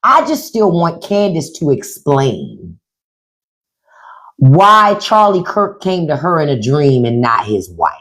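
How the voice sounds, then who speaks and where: A woman hosting a casual livestream, talking bluntly and profanely with animated delivery. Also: low voice, slow pace. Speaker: podcast host on a livestream.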